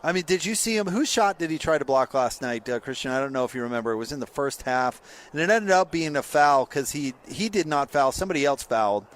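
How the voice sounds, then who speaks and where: A man hosting a sports radio show, giving blunt, sarcastic opinions in an animated rant. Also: on the high side, fast talker, hardly any pauses.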